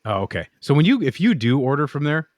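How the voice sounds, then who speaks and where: A man's voice: fairly high pitch, very animated, quick pace, dry recording. A man co-hosting a podcast in casual chat, rambling through stories, swearing and acting out what people said. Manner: rambling storyteller, swears, acts out quotes. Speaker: podcast co-host, knifemaker.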